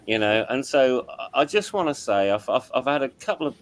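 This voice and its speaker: A man's voice: mid-range voice, big pitch swings, a little fast, very noisy. A middle-aged man, hosting a casual chat as an audio engineer, rambling and apologetic with many restarts. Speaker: show host and audio engineer.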